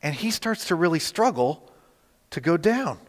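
A man with a slightly high voice delivers a sermon as a personal story, talking easily and lifting into livelier tones when he quotes himself. His voice rings with the long reverb of a large hall. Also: moderate pace. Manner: storytelling, conversational, animated in quoted dialogue. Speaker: pastor. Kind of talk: sermon with slides.

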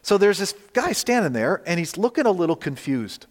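A man with a slightly high voice delivers a sermon as a personal story, talking easily and lifting into livelier tones when he quotes himself. His voice rings with the long reverb of a large hall. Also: fairly quick. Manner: storytelling, conversational, animated in quoted dialogue. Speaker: pastor. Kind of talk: sermon with slides.

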